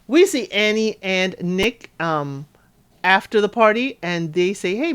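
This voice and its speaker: A woman giving a casual recap of a reality show, chatty and animated, acting out quotes with asides to listeners. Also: mid-range voice. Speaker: recap podcaster.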